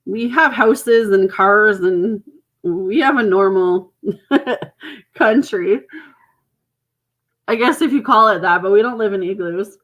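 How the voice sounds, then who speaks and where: A woman's voice: mid-range voice, takes it slowly, pauses often, muffled recording. A Canadian woman, mother of grown children, giving a chatty, reassuring live tarot reading to viewers. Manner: chatty, reassuring, laughs often. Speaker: tarot reader.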